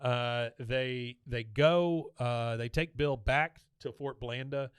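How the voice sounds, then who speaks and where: A man's voice: mid-range voice, takes it slowly, smooth, no room sound. A man hosting a podcast, chattily retelling a cartoon episode scene by scene with fillers. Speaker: podcast host. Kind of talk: casual episode recap.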